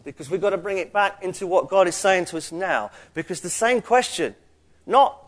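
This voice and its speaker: A man leads his congregation through a sermon in a slightly raised pitch. He talks conversationally, as if chatting with the room, then lifts his voice to press a point home. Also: lively intonation, normal speed. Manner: conversational preaching, rises in emphasis. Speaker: pastor.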